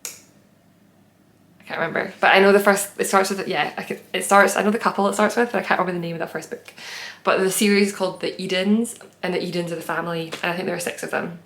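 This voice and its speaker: A woman's voice: lowish voice, steady tone, quick pace, fairly bright tone, echoey room. A young woman hosting a knitting podcast, chatting casually and rambling with many fillers. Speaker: podcast host. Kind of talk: casual chat.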